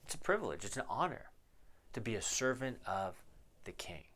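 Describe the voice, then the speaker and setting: A man's voice: lowish voice, sing-song, moderate pace, a bit bright. A man teaching a Bible passage verse by verse as a pastor, reading each verse aloud, explaining it and asking the listeners questions. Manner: asks the listeners rhetorical questions; reads verses aloud, then explains them.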